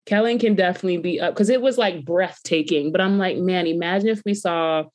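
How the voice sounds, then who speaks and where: A young woman co-hosting a casual chat, telling a story with animated quoted voices. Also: on the low side, brisk. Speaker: podcast co-host.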